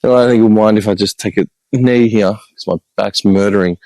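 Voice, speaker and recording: An Australian man, a podcast host, telling stories in an animated, exasperated way with blunt swearing, in a casual walk-and-talk vlog. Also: on the low side, brisk, no room sound, poor audio. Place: outdoor hillside cemetery with birds.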